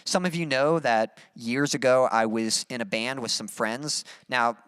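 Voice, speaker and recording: A man's voice: medium pitch, a little slow, fairly bright tone, clean tone. A young man hosts a casual livestream in an upbeat, chatty way, reading viewer comments as he goes. His voice sits in a middle range. The sound is close and dry, with no room echo. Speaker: livestream host and musician.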